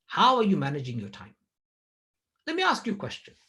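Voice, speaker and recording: A man delivering a Ramadan sermon, telling stories with lively dialogue. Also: high-pitched, brisk. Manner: animated storytelling with dialogue. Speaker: preacher.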